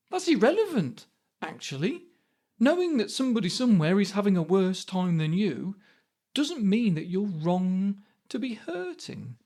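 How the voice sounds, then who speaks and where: A man in his fifties hosts a reflective podcast and talks in a plain, conversational way. His pitch rises and falls a lot, and he often poses rhetorical questions. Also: a little mellow. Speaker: podcast host.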